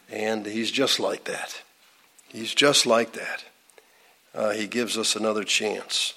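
A man giving an informal Bible teaching in a folksy, conversational way. He uses many asides and "uh" fillers, and his pitch jumps up to stress key words. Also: unhurried, a bit bright.

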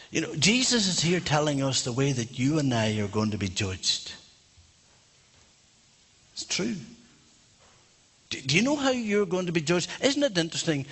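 A man's voice: fairly high pitch, big pitch swings, normal speed, pauses often, fairly bright tone, slightly rough. A man preaching a sermon in a church, fervent and emphatic.

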